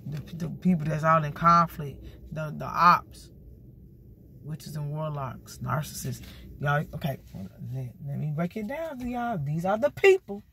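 A woman giving a casual tarot card reading, sassy and animated, talking straight to her viewers. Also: low voice, unhurried, a little hiss or hum. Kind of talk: casual spiritual reading vlog.

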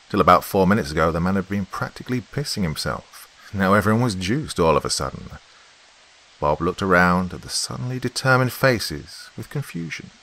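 A man narrating a horror story as host, with a dramatic, lively telling. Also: low voice, low-quality recording.

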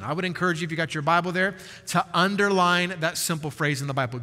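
A male pastor preaching a sermon in an earnest, emphatic way with dramatic pauses. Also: fairly high pitch, fairly even intonation, sharp tone. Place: large church sanctuary. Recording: church hall reverb.

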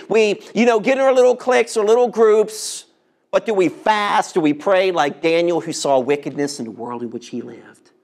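Pastor in his fifties, tenor-high voice, impassioned sermon delivery with sudden hushed moments. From United States. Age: 50s. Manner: impassioned preaching, rhetorical questions, drops to near whispers on key words.

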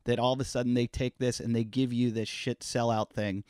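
A man's voice: medium pitch, fairly quick, smooth, no room sound, studio quality. A man telling stories in a casual podcast conversation, swearing freely and acting out the people he quotes. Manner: animated, swears freely, acts out quoted voices. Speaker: podcast guest. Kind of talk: casual storytelling.

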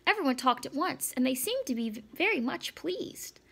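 A woman narrating a children's story aloud in a measured, lightly expressive reading. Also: high voice, gravelly. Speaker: audiobook narrator.

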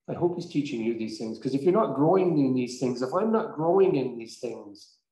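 A man's voice: medium pitch, warm tone. A male pastor telling a story in a conversational, emphatic sermon. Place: church sanctuary. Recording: echoey church room.

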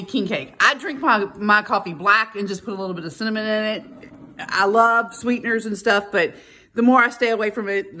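A woman talks into her phone camera in her kitchen at home. She vents in a chatty, exasperated way, with an ordinary mid-pitched voice. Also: pushed and bright. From Louisiana. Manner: chatty and exasperated, venting with mock-quoted retorts. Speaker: vlogger. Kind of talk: casual morning vlog chat.

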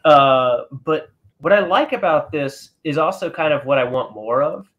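A man's voice: fairly high pitch, animated, moderate pace, highs cut off. A man hosting a podcast in casual chat, rambling and swearing as he loses his train of thought. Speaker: podcast host.

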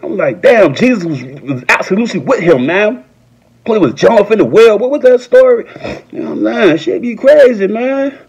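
A man doing a profane, rambling comedy rant that jumps into high, shouted quotes. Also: lively intonation, normal speed, husky, dull audio. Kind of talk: stand-up style comedy rant.

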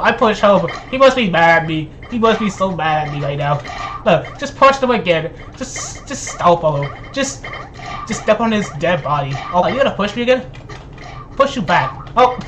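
Excitable young-sounding gamer guy trash-talking. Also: sits high, a little hiss or hum. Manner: excitable, laughing, teasing trash talk. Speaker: gaming channel host. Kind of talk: excited gameplay commentary.

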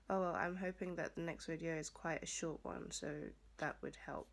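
Gravelly-voiced young woman vlogging. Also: sits low, steady tone, normal speed, hardly any pauses. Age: young adult. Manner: chatty, rambling with many fillers. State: hoarse morning voice. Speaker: student vlogger. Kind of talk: casual vlog talk to camera.

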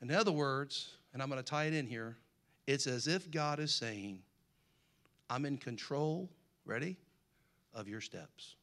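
A man's voice: mid-range voice, expressive, a little slow, long pauses, fairly bright tone. A man preaching a sermon, reading scripture aloud with rising emphasis and slipping in folksy jokes to the congregation. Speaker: pastor.

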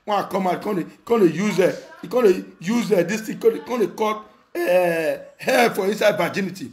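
A man's voice: sits high, moderate pace. A young Nigerian man speaking Nigerian Pidgin English, ranting angrily with insults, mocking laughter and repeated phrases. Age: young adult. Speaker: online commentator. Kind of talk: angry rant.

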